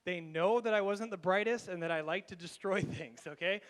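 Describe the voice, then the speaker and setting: A pastor telling a lively, laughing story in a sermon, with many restarts and a Canadian accent. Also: male voice, high-pitched, a little fast. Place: church sanctuary. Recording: long hall reverb.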